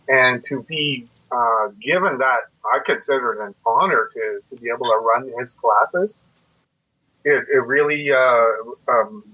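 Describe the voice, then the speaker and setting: A man's voice: medium pitch, sharp tone, breathy edge. A man from Canada in his forties, a guest telling stories in a casual interview, reflective and self-deprecating, explaining things step by step. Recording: muffled lo-fi audio.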